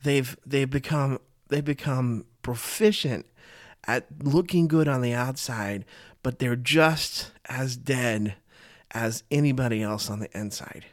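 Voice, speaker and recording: A man's voice: medium pitch, takes it slowly. A man giving a casual, earnest Bible teaching, talking conversationally and often repeating and restarting his phrases.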